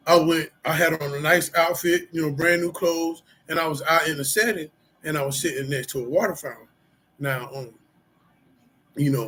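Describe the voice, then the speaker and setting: Man, middle-aged, husky voice, casual candid talk, street slang, rambling with fillers. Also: on the high side, fairly bright tone, rough recording. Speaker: vlogger sharing personal recovery. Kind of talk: casual personal talk to camera.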